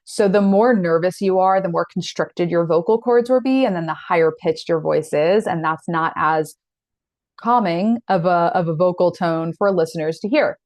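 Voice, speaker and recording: A woman's voice: lowish voice, normal speed, dry recording. A woman in her thirties teaching an online masterclass in an earnest, direct, encouraging way. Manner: earnest, direct, encouraging, with animated quoted asides.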